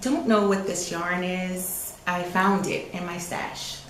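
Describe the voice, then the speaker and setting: A woman's voice: on the low side, steady tone, slow, roomy sound, slight background noise, poor audio. A woman co-hosting a podcast, chatting with enthusiasm about her knitting and often trailing off. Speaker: podcast co-host. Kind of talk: casual chat about knitting.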